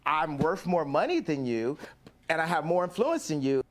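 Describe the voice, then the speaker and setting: A man's voice: a little high, sing-song, moderate pace. Defiant, boastful man in a TV interview. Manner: defiant, boastful, talks over his host. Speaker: interview guest. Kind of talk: televised interview.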